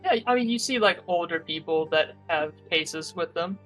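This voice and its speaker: A man's voice: a little high, animated, moderate pace, fairly bright tone, faint music behind, poor audio. A man acting as game master in a tabletop game, talking casually with lots of hesitant fillers.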